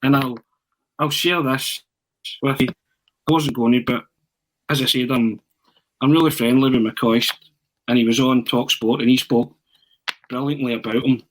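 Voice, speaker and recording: A man telling a long, animated anecdote on a podcast. He restarts often and drops in "eh" between phrases. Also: medium pitch, moderate pace, pauses often, rough recording. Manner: animated storyteller, frequent restarts and "eh". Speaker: podcast pundit.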